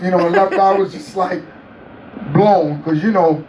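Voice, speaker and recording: Animated man telling stories, distant roomy mic. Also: sits high, normal speed, a crowd in the background. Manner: animated, laughing, acts out quotes. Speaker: interview guest. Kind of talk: casual storytelling.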